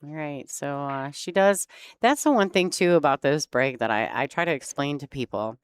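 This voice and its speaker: A woman's voice: low-pitched, lively intonation, moderate pace, smooth, no room sound. A woman commentating a pool match in a chatty way, laughing easily and explaining the play. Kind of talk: sports commentary.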